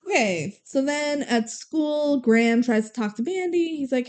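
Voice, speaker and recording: A woman's voice: sits high, expressive, measured pace, a little mellow. A woman co-hosting a podcast, casually retelling a movie's plot and quoting the characters. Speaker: podcast co-host. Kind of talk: casual movie recap chat.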